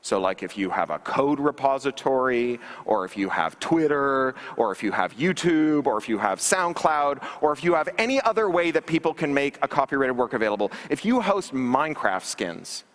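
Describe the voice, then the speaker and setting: A man's voice: medium pitch, sing-song, moderate pace, few pauses, fairly bright tone. A man giving a conference keynote talk, emphatic and wry, with sarcastic asides, recorded from a livestream on a large stage. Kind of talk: public lecture. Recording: reverberant hall livestream capture.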